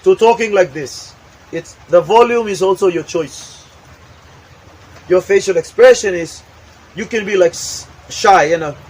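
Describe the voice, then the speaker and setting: A man's voice: high-pitched, measured pace, darkish tone, breathy edge, low-quality recording. A man giving a motivational talk, emphatic and repetitive, acting out examples as he goes. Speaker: motivational speaker. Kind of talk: motivational talk with acted demonstrations.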